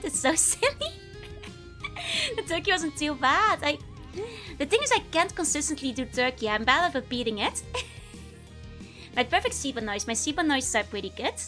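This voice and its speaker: Woman streamer, lively up-and-down voice, giggly, slightly worn from illness. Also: high voice. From Netherlands. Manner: giggly, chatty, greets viewers by name. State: voice still recovering from illness. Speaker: VTuber streamer. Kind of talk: casual live-stream chat.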